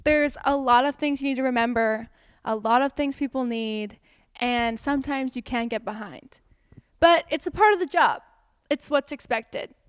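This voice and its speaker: A woman's voice: high voice, moderate pace, smooth, no room sound, clean studio sound. A young adult woman giving a satirical TED-style talk as a student presenter, sarcastic and mock-dramatic, laughing often.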